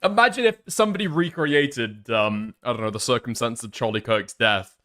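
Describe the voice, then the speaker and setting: A man comments on clips in a loose, mocking tone at an ordinary mid pitch. He swears freely, laughs often, and piles on sarcasm as he reacts. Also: normal speed, a bit bright. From United Kingdom. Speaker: commentary streamer.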